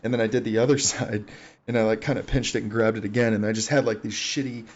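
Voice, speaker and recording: A man in his thirties, an army veteran, telling a war story in a profane, laughing, animated way. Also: fairly low pitch, quick pace, highs cut off. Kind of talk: casual storytelling on a live stream.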